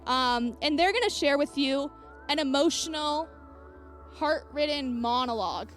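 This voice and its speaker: A woman's voice: high-pitched, expressive, measured pace, a bit bright, faint music behind. A young woman co-hosting a youth livestream, joking around with hesitant fillers. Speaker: youth show co-host. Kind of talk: playful livestream banter.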